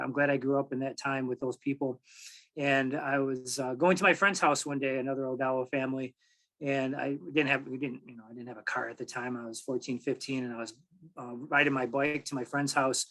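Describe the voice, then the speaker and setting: A man in his forties from Michigan, telling a personal story at a public talk in an easy, halting way with many pauses and restarts. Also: medium pitch, a bit bright, rough recording. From Michigan, USA. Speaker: tribal archives director, speaker.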